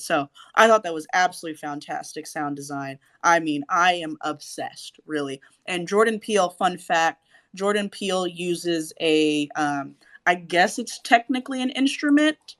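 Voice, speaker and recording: A woman co-hosting a podcast in casual chat, animated and cursing, acting out her own reactions. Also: fairly low pitch, normal speed. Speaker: podcast co-host.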